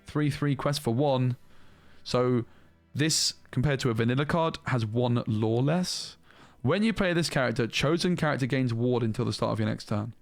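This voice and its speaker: A man giving casual, animated commentary as he reviews trading cards, thinking aloud and restarting sentences as he goes. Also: medium pitch, normal speed, no room sound, soft background music. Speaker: card game reviewer.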